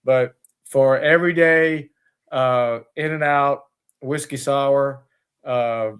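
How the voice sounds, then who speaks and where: A man's voice: medium pitch, steady tone, slow, a bit bright, clear, resonant tone. A man, the owner of a distillery, talking as a guest in a casual interview, rambling with many fillers and restarts.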